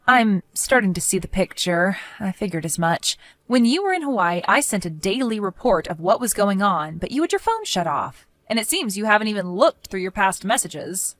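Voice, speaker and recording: A woman's voice: mid-range voice, sing-song, normal speed, a bit bright, no room sound. A woman narrating a first-person story and speaking firmly, scolding a neighbor. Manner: firm, scolding.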